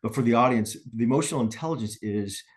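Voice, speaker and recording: A middle-aged man with a medium-pitched voice talks quickly as a guest business coach on a podcast. He tells stories and keeps checking in with "right?" after his points.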